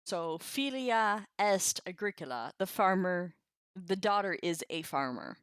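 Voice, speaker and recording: A woman's voice: lowish voice, expressive, a little slow, a bit bright, clean tone, no echo, clean studio sound. A woman teaching a language lesson on a live stream, chatty, laughing often and reacting to viewers' comments.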